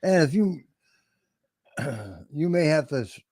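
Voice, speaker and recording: A man's voice: on the high side, slow pace, darkish tone, dry recording, studio quality. A man co-hosting a casual morning chat show, mostly giving short replies and agreeing with his partner. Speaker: co-host.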